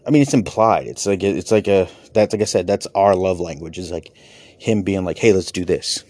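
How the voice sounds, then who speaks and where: A father who works as a comedian and podcaster shares casual personal thoughts, rambling openly and swearing offhandedly. His voice sits low, a little mellow, at a moderate pace, in a dry recording.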